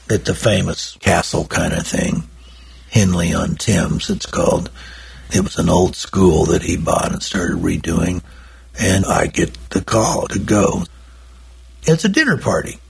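An older man, his deep voice thick with gravel. It is husky and rough-edged. He tells his stories in a folksy, wandering way, full of asides. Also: darkish tone. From Oklahoma. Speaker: recording engineer and guest. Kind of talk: rambling anecdotal storytelling.

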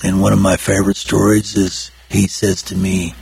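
An older man, his deep voice thick with gravel. It is husky and rough-edged. He tells his stories in a folksy, wandering way, full of asides. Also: completely flat delivery, normal speed, darkish tone. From Oklahoma. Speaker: recording engineer and guest. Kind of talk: rambling anecdotal storytelling.

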